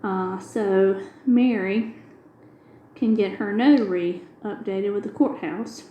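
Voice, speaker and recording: A middle-aged woman hosting a craft video chats casually while diamond painting, retelling a long everyday story with quoted dialogue. Her mid-range voice is dark in tone and unhurried. The audio is dull and echoey, with a bit of hiss or hum.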